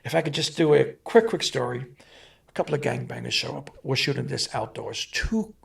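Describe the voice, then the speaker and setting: A man, a stuntman guest, telling animated on-set stories and acting out the voices of the people in them. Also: mid-range voice, fairly quick, vocal fry, husky. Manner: animated, acts out voices in anecdotes. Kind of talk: animated storytelling.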